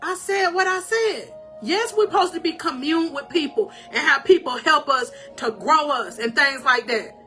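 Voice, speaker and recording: A woman life coach giving an animated, emotional live-stream talk of encouragement. She laughs often and calls out to her viewers in a preacherly way. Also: high-pitched, moderate pace, hardly any pauses, faint music behind.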